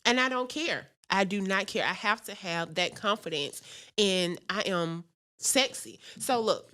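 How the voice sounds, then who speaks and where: A woman's voice: mid-range voice, a little slow. A middle-aged woman co-hosting a podcast, telling personal stories frankly and with plenty of laughter. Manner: frank, animated storytelling with laughter. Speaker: podcast co-host. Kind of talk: casual chat.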